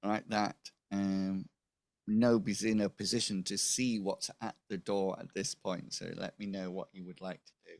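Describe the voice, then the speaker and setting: A man's voice: sits low, flat delivery, moderate pace, a little mellow, dry recording. A man narrating as game master for a tabletop game, rambling with many fillers.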